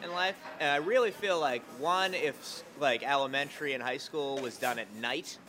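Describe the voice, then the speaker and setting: A man's voice: medium pitch, normal speed, bright, forceful tone, slight background noise. A man chatting casually as a guest, telling rambling stories with jokes and asides. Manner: rambling, joking storyteller. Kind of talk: casual conversation.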